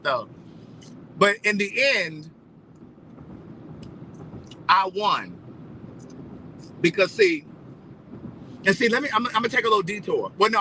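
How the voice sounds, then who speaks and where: High-voiced guy spinning a story, lively and cussing, bright tone. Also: slight background noise, poor audio. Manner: animated, profane, repeats phrases for emphasis. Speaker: vlogger. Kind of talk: casual storytelling.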